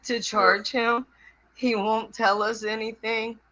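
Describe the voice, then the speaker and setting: Slow, bright-voiced woman on a dull call. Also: a little high, level tone. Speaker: guest, mother of a missing woman. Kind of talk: testimony on a video call. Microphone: video call. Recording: dull lo-fi sound.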